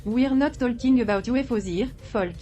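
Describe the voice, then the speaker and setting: A woman's voice: a little high, normal speed, dark tone, faint music behind. A woman on a scripted news show panel, talking in a dry, sarcastic way.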